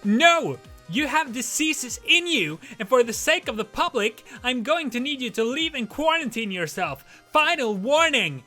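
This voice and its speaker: A man voicing a hysterical, entitled middle-aged woman who screeches and yells at a shop customer. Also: very high voice, expressive, slow, pauses often, echoey room, recorded from a distance, faint music behind, voice pushed up, full character voice. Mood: shrieking.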